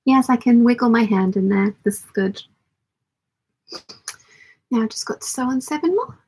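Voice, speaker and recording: A woman hosts a relaxed sewing hangout, her voice hoarse and croaky from being ill. She talks in a rambling, self-mocking way, with a gravelly rasp and a husky edge to every phrase. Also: a little high, normal speed. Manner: rambling, self-deprecating, chatty. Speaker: sewing livestream host. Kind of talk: casual chat to live chat while sewing. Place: home sewing studio.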